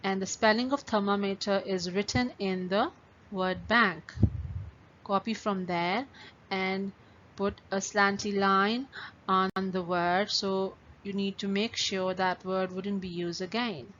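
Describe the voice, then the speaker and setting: A woman's voice: medium pitch, fairly even intonation, slow pace, fairly bright tone. A woman teaching a class of young pupils, patiently stretching out words syllable by syllable and giving step-by-step instructions. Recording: dull lo-fi recording with faint ambient noise.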